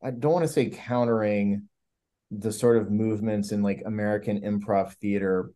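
Low-voiced man, thoughtful and hedging. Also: warm tone. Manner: thoughtful, hedging, searching for words. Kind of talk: casual chat.

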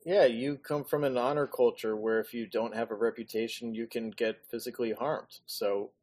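A man in casual chat, calmly explaining a point. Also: medium pitch, moderate pace, slightly rough.

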